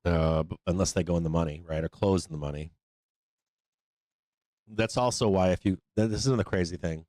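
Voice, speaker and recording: Low-voiced guy rambling about the market on his live stream, swears a lot, dry close mic. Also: darkish tone, clear, resonant tone, no echo. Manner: loose, profane, rambling with fillers. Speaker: trading show host.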